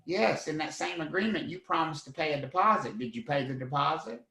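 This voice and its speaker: A man's voice: fairly high pitch, animated, brisk, sharp tone, echoey room, low-quality recording. A man voicing an exasperated judge who bluntly dismisses a case. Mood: fed up.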